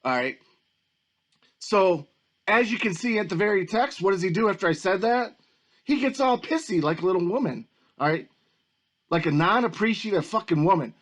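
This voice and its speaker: A man with a rather high voice, delivering a heated, profanity-laced rant. He talks in agitated bursts, restarting and repeating himself as he builds his case. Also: lively intonation, normal speed, long pauses. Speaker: YouTube commentator. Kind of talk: angry ranting commentary.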